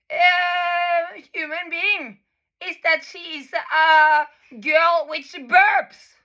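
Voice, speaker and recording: A woman's voice: very high voice, steady tone, drawn-out words, sharp tone. A woman in her thirties, a native Norwegian speaker from Norway, talking in a personal video monologue. She is emphatic and profane and repeats herself, with frequent filler sounds. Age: 30s. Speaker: vlogger.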